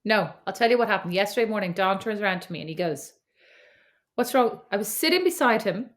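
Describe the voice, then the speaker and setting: A woman's voice: medium pitch, lively intonation, brisk. A middle-aged woman with an Irish accent co-hosts a podcast from a remote recording setup. She chats casually, teasing her co-host and spinning anecdotes. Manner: chatty, teasing, storytelling. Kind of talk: casual chat.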